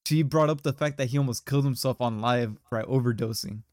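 A man's voice: mid-range voice, brisk, darkish tone, dry recording, studio quality. A young man hosting a podcast, telling a story in casual chat with lots of slang and fillers. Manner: rambling, slangy, many fillers. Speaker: podcast host.

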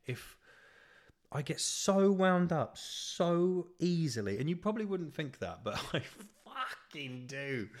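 A young man hosting a podcast, telling a comically petty story in a profane, ranting way. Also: fairly low pitch. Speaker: podcast host. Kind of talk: casual storytelling monologue.

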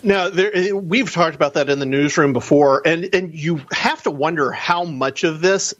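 A man appearing as a guest on a talk radio show, arguing his points in an animated way with quick asides. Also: on the high side, dull audio.

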